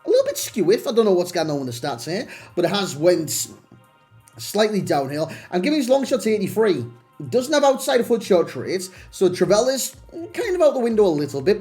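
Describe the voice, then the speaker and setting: A young man with a fairly high voice gives a casual game review, chatty and self-deprecating, often restarting his sentences. Faint music plays under him. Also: vocal fry, a little mellow. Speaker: gaming channel host.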